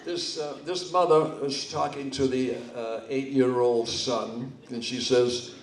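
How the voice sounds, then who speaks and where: Older man, stand-up joke teller, slow unhurried pace, halting restarts, roomy hall, voice off the mic. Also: medium pitch, steady tone, recorded from a distance, slight background noise. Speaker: amateur comedian at a charity comedy night. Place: hall with a live audience. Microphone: stage microphone, speaking from a distance.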